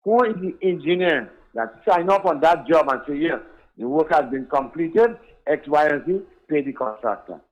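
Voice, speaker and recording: A man's voice: on the high side, expressive, moderate pace, dull audio. Insistent man caller. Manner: insistent, questioning. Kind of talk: call-in complaint.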